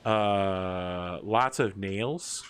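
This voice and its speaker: With a low-sitting, slightly bright voice and some faint background noise, a man narrates as game master for a casual tabletop game. He explains the rules and describes actions in quick, halting bursts, using frequent fillers.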